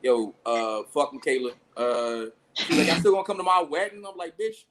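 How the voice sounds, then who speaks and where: A man hosting a casual comedy podcast, telling profane, animated stories and laughing often. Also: mid-range voice, normal speed, background noise. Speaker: podcast host.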